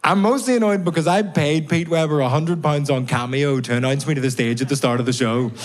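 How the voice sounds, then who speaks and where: A man's voice: medium pitch, steady tone, a little fast. A Northern Irish man in his thirties doing a stand-up set in a club, ranting with sardonic, mock-exasperated edge. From Belfast, Northern Ireland. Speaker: stand-up comedian. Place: comedy club basement with a live audience. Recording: live club recording with audience laughter. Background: audience laughter and applause.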